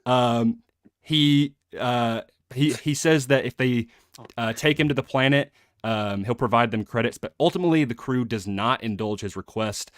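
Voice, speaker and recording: A man's voice: mid-range voice, normal speed, no room sound, clean studio sound. A man hosting a casual book club live stream, rambling with fillers and frequent laughs.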